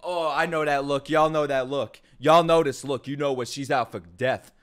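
A young man giving a profane, jokey reaction to an anime opening, swinging between low murmurs and excited shouts. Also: moderate pace. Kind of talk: live reaction commentary.

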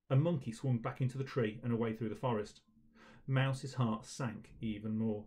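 A man reading a storybook to children at a school assembly, gentle and encouraging in his delivery. His voice sits at an ordinary pitch and stays warm in tone, paced for young listeners. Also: fairly even intonation, normal speed. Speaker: teacher leading an online school assembly.

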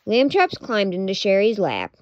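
A woman reading a children's picture book aloud in a clear storytelling manner. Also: mid-range voice, big pitch swings, moderate pace, darkish tone, muffled recording. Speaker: storybook reader.

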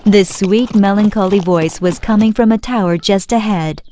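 Woman, storybook narrator, clear, expressive, measured, scripted children's fairy tale. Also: mid-range voice, a little hiss or hum.

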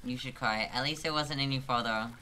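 A live streamer plays a hard climbing game, sounding exasperated and poking fun at himself as he jokes that he's about to cry. The voice is medium-pitched, brisk, and sharp, with slight background noise.

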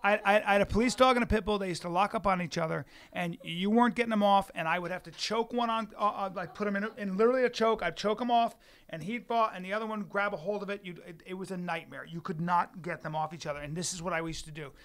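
High-pitched man, animated podcast storyteller. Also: quick pace, hardly any pauses. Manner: animated, profane storyteller who repeats himself for emphasis. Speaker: podcast co-host. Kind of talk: casual podcast chat. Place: podcast studio.

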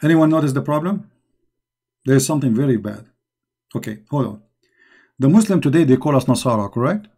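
A man's voice: medium pitch, animated, fairly quick, long pauses, dark tone, slightly rough. A man hosting a live online discussion, speaking in a mocking, emphatic and repetitive way, with non-native English grammar. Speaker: online debate host.

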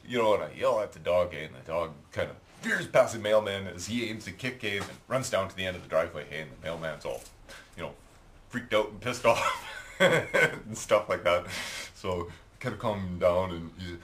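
A man's voice: low-pitched, lively intonation, normal speed, fairly bright tone, slight background noise. A middle-aged Canadian man with a Canadian accent, telling a rambling, chatty story while painting at home, tagging his lines with "eh". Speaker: hobby painter and video maker.

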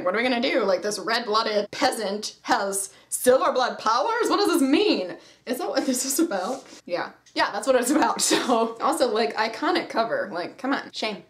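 Young woman rambling about books at home, gushy, says like a lot, mid pitch. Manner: gushing, self-deprecating, frequent "like". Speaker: book vlogger. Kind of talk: casual chat.

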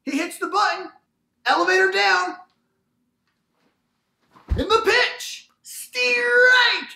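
A man putting on an excited narrator voice that announces each step in short clipped lines. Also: very high-pitched, slow, gravelly, roomy sound, pitched above the performer's own voice, full character voice. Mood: hyped.

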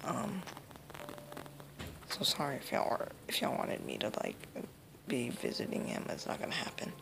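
Gravelly woman gamer commentary. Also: very deep voice, huge pitch swings, normal speed. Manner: casual, muttering asides. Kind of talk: let's play commentary. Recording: noisy home recording.

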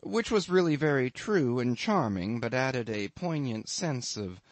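A man reading a classic novel aloud as an audiobook narrator, in a measured, unhurried literary manner. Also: medium pitch, animated, dry recording. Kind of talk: scripted narration.

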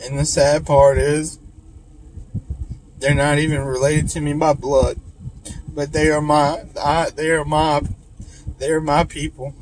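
A man, talking in a halting, emotional, tearful way in a confessional vlog, full of restarts and apologies. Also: fairly high pitch, level tone, rough recording. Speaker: vlogger in recovery. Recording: outdoor recording with loud traffic noise.

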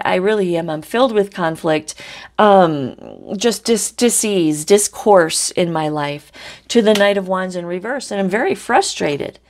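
A woman reads tarot cards in an easy, casual monologue, talking bluntly and swearing without hesitation. Her voice sits a little low for a woman, and she keeps checking in with the listener as she goes. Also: darkish tone. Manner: blunt, salty, swears freely, keeps asking "right?". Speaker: psychic tarot reader.

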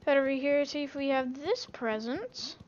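Woman gamer, high voice, casual excitable commentary, headset mic, dull lo-fi audio with faint noise. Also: moderate pace. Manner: excitable, bursts into shouting. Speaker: gaming video creator. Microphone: gaming headset.

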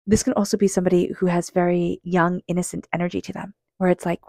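Low gravelly woman reading tarot. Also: flat delivery, quick pace, darkish tone, no echo, clean studio sound. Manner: earnest, speaks straight to the listener. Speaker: tarot reader.

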